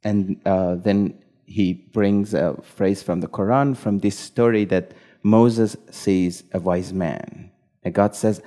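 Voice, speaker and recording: A man with a lowish, dark and mellow voice tells a story slowly at a live event. He lays it out in short, measured phrases. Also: fairly even intonation.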